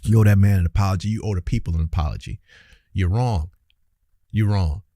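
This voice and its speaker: This commentary channel host has a low, mellow voice and a brisk pace. Addressing his viewers directly, he gets heated and preachy in casual, everyday language. It's clean studio audio with no room sound.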